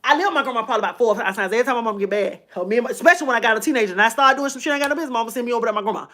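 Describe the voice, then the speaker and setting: A woman's voice: fairly high pitch, rapid-fire, fairly bright tone. A woman, telling a personal story to her viewers in a chatty, emotional way. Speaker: vlogger.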